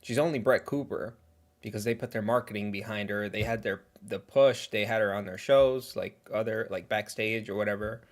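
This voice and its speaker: A man's voice: on the low side, moderate pace. A man hosting a casual livestream reaction who rambles in a chatty way and talks while eating.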